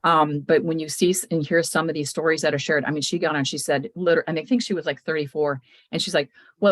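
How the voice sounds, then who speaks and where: A woman hosting a casual chat, telling customer stories with lively retold quotes. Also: low voice, fast, no room sound. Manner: animated storytelling, retells others' words.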